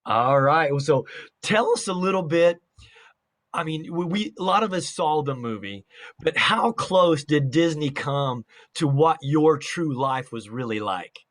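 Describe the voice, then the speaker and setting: An energetic man hosting an interview show, with a fairly high voice for a man. He kicks things off in a hype-style, motivational way and keeps the chat lively. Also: unhurried. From Salt Lake City area, United States. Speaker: podcast host.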